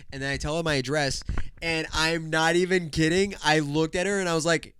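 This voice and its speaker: A man in his twenties hosting his own podcast from home, telling a story casually. He is animated, swears freely and laughs as he goes. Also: on the high side, normal speed, a little hiss or hum. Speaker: podcast host.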